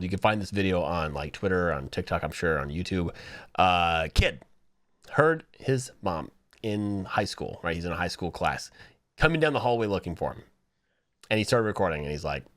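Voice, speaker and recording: A man co-hosting a podcast who tells stories in casual chat, animated and full of restarts. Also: low-pitched, no room sound, clean studio sound. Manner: animated storyteller, many restarts. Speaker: podcast co-host.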